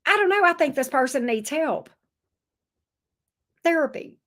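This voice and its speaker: A woman's voice: high-pitched, lively intonation, a little slow, a bit bright. A woman giving a casual tarot reading, blunt and sassy, swearing freely. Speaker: tarot reader.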